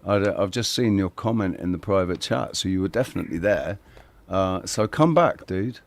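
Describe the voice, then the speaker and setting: A man hosting a livestream, bantering, swearing and laughing loudly. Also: deep voice, moderate pace, gravelly. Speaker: livestream host.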